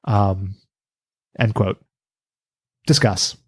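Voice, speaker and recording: A man co-hosting a casual podcast, recapping a cartoon with animated, laughing, profane asides. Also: fairly low pitch, extremely slow, slightly rough. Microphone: studio podcast mic.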